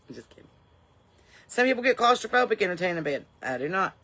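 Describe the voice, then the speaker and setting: Southern woman comic host, middle-aged, bright voice, rambling and profane stories. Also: on the low side, big pitch swings, a little fast. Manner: brash, profane, rambling storyteller. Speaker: podcast host. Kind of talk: comedic storytelling monologue.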